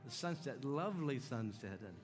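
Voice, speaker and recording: Leading a healing meeting as an evangelist, this man delivers a sermon with audience call-and-response, folksy and exhorting as he calls out to the crowd. His voice is animated, medium in pitch and moderate in pace, and worship music plays in the church sanctuary.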